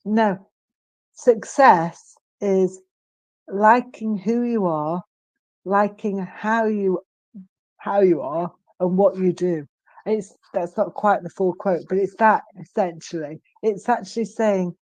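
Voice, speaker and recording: A woman in her fifties, a guest in an interview, speaking earnestly and emphatically with frequent pauses and restarts. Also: mid-range voice, darkish tone, no echo. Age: 50s. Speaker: guest, stroke survivor. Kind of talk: candid interview conversation.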